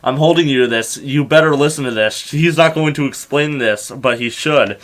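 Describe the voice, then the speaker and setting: A man's voice: mid-range voice, normal speed, slight background noise. A young man from Massachusetts co-hosting a casual podcast, explaining things in a teasing, playful way. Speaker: podcast co-host. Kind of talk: casual chat.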